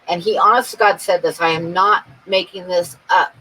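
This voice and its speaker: A woman's voice: on the low side, a little fast, pushed and bright, breathy edge, rough recording. A woman chatting casually on her live stream with viewers, telling a story in a chatty, amused way and laughing along at it. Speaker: art channel host chatting with viewers.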